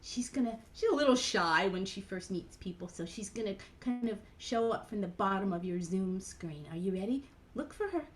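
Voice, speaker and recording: A woman's voice: mid-range voice, animated, normal speed. A woman cantor leading a playful children's program over a video call, animatedly guiding kids through movements.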